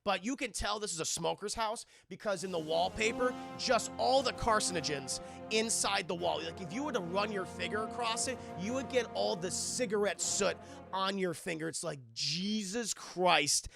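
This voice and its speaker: A man reviewing a film live and chatting with his viewers, rambling, swearing and animated. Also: high-pitched, normal speed, vocal fry, over music. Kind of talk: casual chat with a live audience.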